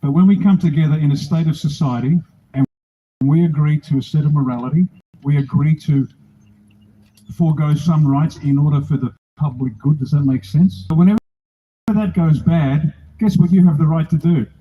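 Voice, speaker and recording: A man's voice: a little high, normal speed, husky, dull audio. Blunt older Australian man, rally speech. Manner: blunt, rousing, jokey. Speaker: political speaker at a rally.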